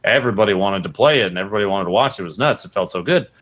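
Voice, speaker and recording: A young adult man, a podcast guest who streams, telling a casual story and animatedly acting out quotes with big jumps in pitch. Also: animated, rapid-fire, fairly bright tone.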